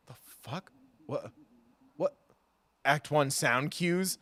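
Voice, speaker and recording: A man's voice: medium pitch, very animated, takes it slowly, pauses often, fairly bright tone. A man streaming a game live, reacting with exclamations and reading its dialogue aloud. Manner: reactive, exclaims and swears at surprises.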